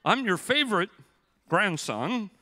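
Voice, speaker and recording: A man's voice: high voice, measured pace, long reverb tail. A man in his thirties preaching a sermon, telling personal stories and acting out the quoted lines. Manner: animated storyteller, acts out quoted lines. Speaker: pastor. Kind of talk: storytelling sermon.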